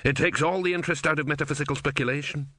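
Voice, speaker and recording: A man's voice: a little high, steady tone, racing, bright, forceful tone, dry recording, clean studio sound, voice pushed up. Man doing a chatty folksy barman. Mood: chatty easygoing. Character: chatty folksy middle-aged male barman.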